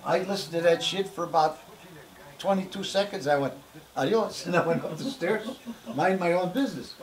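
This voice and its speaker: An older man spins family tales in loose, casual chat, swearing freely and talking with animated energy. His voice sits high for a man, and the sound bounces around an echoey room. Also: moderate pace. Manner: profane, animated storyteller. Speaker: uncle telling family stories.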